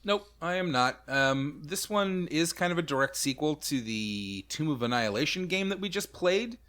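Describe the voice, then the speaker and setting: A man's voice: fairly high pitch, animated, moderate pace, a bit bright. A man hosting a podcast in casual chat, talking in an easygoing, rambling, self-mocking way. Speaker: podcast host.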